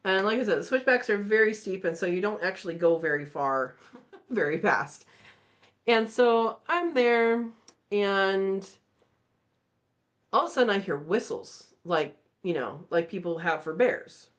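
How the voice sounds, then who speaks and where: A woman hosting a live chat, telling a story in a casual, animated way and acting out the voices. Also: mid-range voice, measured pace, highs cut off. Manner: animated, acts out voices in her stories. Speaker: channel host.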